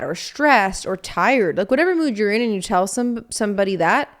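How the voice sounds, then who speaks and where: Tired, chatty young woman podcaster. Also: fairly high pitch. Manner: chatty, laughs easily, acts out quotes. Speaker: podcast host. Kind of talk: casual couple chat.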